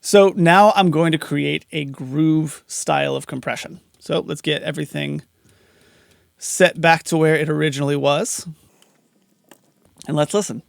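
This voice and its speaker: A slightly high, creaky voice holds a steady tone and an unhurried pace as this mixing instructor teaches compression in a relaxed screen-recorded tutorial, explaining each setting along the way. The recording is dry and clean, studio grade.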